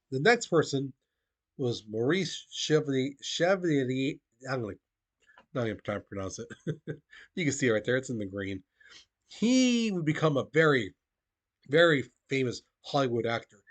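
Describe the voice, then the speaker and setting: A man giving a recorded history lesson in a casual, conversational way. His voice sits at an ordinary middle pitch, and he keeps checking in with his students as he goes. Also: a bit bright. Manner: casual, conversational, peppered with "okay?" and "the thing is". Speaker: teacher.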